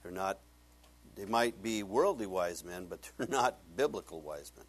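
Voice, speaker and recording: A middle-aged male pastor giving a conversational sermon, telling stories and swinging from hushed asides to loud emphatic points. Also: sits low, lively intonation, moderate pace, husky.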